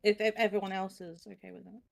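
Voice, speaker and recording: A woman's voice: mid-range voice, level tone, fast talker, vocal fry, a crowd in the background. A woman taking part as a player in a tabletop game, chatty and self-mocking, laughing often. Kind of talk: casual tabletop game chat.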